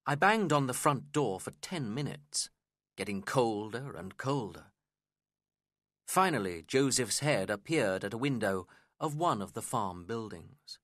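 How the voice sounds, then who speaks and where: A man reads a story aloud in a slow, deliberate, clear way meant for language learners. His pitch moves a lot, and his tone is bright. The sound is close and dry. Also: lively intonation, no echo. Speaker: narrator. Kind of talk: scripted narration of a graded reader story.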